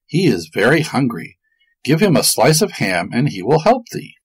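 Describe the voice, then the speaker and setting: Tiny friendly mice with squeaky, coaxing voices, as a male storyteller puts them on. The voice is pitched up and lilting, with a slightly husky edge. It is dry and close. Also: very animated, moderate pace, no echo.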